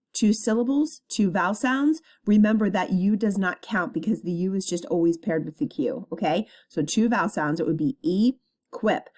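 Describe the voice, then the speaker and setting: A woman teacher giving a spelling test, dictating each word slowly and clearly with patient explanations. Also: mid-range voice, warm tone.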